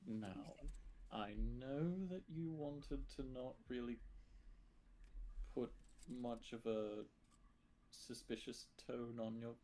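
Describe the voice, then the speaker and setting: A man at a tabletop game with a mellow, darker voice at a middle pitch. He talks through his questions carefully and deliberately. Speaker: player. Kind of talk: casual chat.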